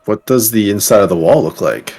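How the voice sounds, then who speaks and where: A man's voice: lowish voice, lively intonation, fairly quick, a little mellow, breathy edge. A man playing in a tabletop game, chatting casually and asking careful questions. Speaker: player. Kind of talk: tabletop role-play.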